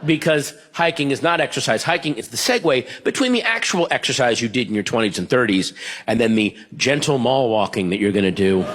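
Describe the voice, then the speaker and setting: A male stand-up comedian with wry, deadpan observational jokes. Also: mid-range voice, a little hiss or hum.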